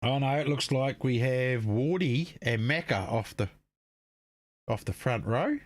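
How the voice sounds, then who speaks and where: A man runs live race commentary in a loose, chatty way, tossing in "mate" and "eh" as he goes. His voice sits at an ordinary pitch and sounds dry and close to the mic. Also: unhurried, dry recording. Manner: laid-back, matey, peppers talk with "mate" and "eh". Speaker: race commentator and stream host.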